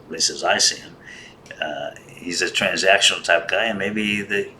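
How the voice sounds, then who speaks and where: A man's voice: deep voice, moderate pace, bright, forceful tone, slight background noise. A man hosting a casual monologue, rambling and wry, grumbling in a joking way. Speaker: host.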